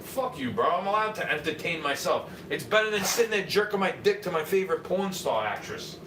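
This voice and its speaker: Brisk and expressive, this New York man's high voice carries a combative, profanity-laced livestream rant that jumps from mutters to shouts. The distant mic gives a roomy, off-mic sound with faint ambience and some background noise.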